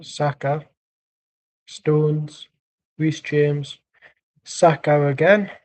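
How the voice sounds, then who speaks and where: A man's voice: a little high, fairly even intonation, very slow. A man streaming a live football watchalong, giving dry, rambling chat and calling out plays. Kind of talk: casual match commentary and chat.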